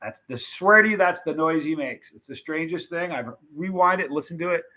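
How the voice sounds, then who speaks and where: A man hosting a casual live stream, reading viewer comments and rambling excitedly about old movie scenes. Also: fairly high pitch, fairly quick. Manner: chatty, rambling, animated retelling of movie scenes.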